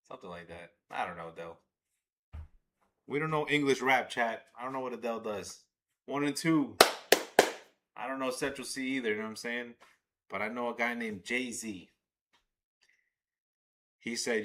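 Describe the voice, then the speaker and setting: Male streamer, bright edgy voice, excitable and profane, live watch-along commentary. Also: mid-range voice, moderate pace, long pauses, slight background noise. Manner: excitable, swears, talks to chat. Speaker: livestream host.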